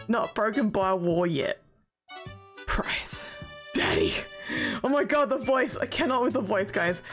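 A woman of medium pitch hosts a casual commentary video essay in a brash, sarcastic way. She swears freely and keeps bursting into loud, exasperated outbursts.

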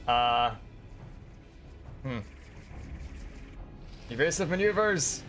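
A man giving casual, profane commentary while playing a game, excitable and laughing often. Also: a little high, slow pace, long pauses, soft background music. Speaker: streamer reacting to a game.

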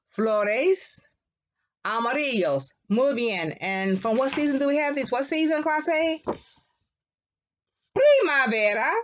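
A woman teaching a Spanish class to young children, repeating words slowly in a sing-song way for them to echo. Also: mid-range voice. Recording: dull lo-fi classroom recording.

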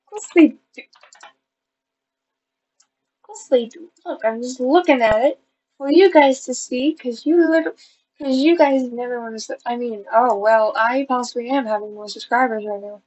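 A woman's voice: a little high, normal speed, darkish tone, dull audio. A woman vlogging in a casual, giggly way, teary and self-deprecating, swinging between squeals and mumbles. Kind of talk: casual vlog chat.

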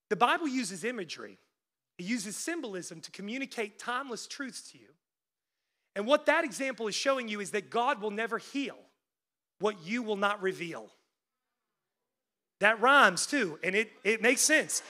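High, bright-voiced male preacher. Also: sing-song, normal speed, long pauses. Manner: preaching that swings between loud urgent peaks and hushed lows; conversational asides with frequent "like" fillers. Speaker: pastor. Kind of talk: sermon.

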